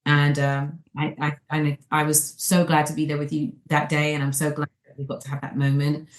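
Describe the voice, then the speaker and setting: A woman's voice: sits low, little pitch movement, normal speed, reverberant. A woman guest in a chat interview, speaking earnestly and reassuringly, often repeating herself. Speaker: guest performer.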